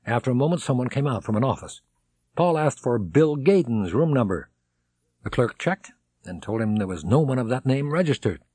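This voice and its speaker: A man reading an audiobook aloud, dramatic, voicing characters and shouting their excited lines. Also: mid-range voice, moderate pace, husky, no echo. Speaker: audiobook narrator.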